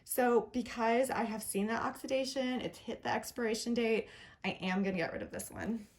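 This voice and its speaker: A woman's voice: a little high, fairly even intonation, normal speed, slight background noise. Chatty upbeat woman reviewing makeup. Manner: chatty, upbeat, self-deprecating with little laughs. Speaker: beauty vlogger. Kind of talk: casual product review.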